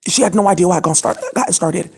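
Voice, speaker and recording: Husky, rambling channel host. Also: mid-range voice, fast. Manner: profane, scattered and indignant, many fillers. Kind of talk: rambling monologue to camera.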